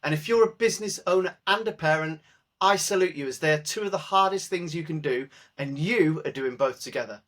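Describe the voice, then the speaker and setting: A man's voice: fairly high pitch, fairly quick, a bit bright. A man hosting a podcast, introducing and interviewing a guest in an upbeat, playful, self-mocking way. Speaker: podcast host.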